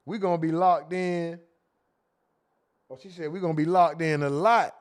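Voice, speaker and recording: A man hosts a casual livestream, reading viewers' comments aloud. His voice sits high and he jokes loosely with the chat. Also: moderate pace, clear, resonant tone. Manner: animated, laughing, reads chat comments aloud in a joking tone.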